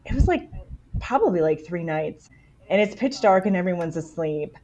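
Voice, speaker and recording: A woman guest on a podcast telling a story in a casual, animated way, peppering her talk with "like". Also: fairly low pitch, moderate pace. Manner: animated, fills speech with "like".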